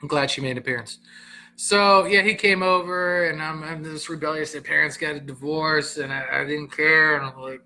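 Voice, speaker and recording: A middle-aged man, a comedian and host, casually telling a personal story in an animated way, acting out the other people's voices. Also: on the high side, fairly quick, a little hiss or hum. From Southern Florida. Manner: animated, acts out quoted voices, frequent laughter.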